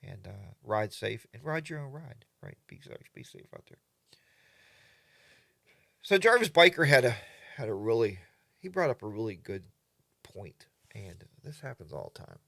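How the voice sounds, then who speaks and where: An older man hosting a relaxed live chat, reading viewer comments and mimicking other riders in exaggerated voices. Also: on the low side, moderate pace, gravelly, long pauses, dry recording, clean studio sound. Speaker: livestream host.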